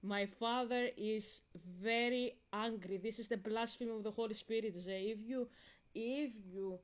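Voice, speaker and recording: A young woman vlogging an impassioned theology rant, emphatic and preachy, repeating and restarting phrases and slowing down on key words. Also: on the high side, fairly even intonation.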